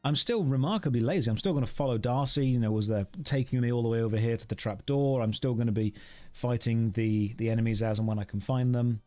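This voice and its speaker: A man's voice: medium pitch, fast talker, mellow, faint music behind. A man from the UK chatting casually on a live stream while he plays, rambling, wry and self-mocking as he thanks viewers. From United Kingdom.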